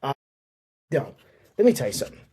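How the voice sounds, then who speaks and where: A man's voice: mid-range voice, huge pitch swings, fairly quick, mellow, husky, no room sound. A man hosting his own podcast, talking candidly in a rambling, casual way with lots of fillers. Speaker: podcast host. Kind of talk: casual solo podcast monologue.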